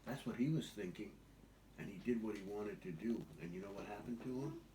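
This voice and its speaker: An older man, a grandfather, telling a children's story at home in a gentle, patient way. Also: on the low side, fairly quick. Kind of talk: bedtime storytelling. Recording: echoey, distant, noisy home recording.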